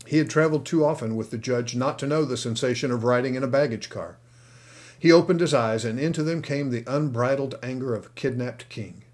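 A man reads a storybook aloud in a steady, expressive way. His voice sits in an ordinary middle pitch for a man. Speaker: audiobook narrator. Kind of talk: scripted narration.

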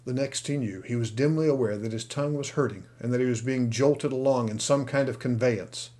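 A man narrating an audiobook in a steady, expressive storytelling manner. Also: medium pitch, fairly quick. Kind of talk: scripted narration.

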